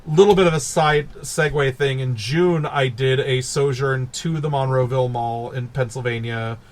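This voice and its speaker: A man co-hosting a casual podcast, animated and laughing as he recaps films and acts out characters. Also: mid-range voice, normal speed. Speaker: podcast co-host. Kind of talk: casual chat.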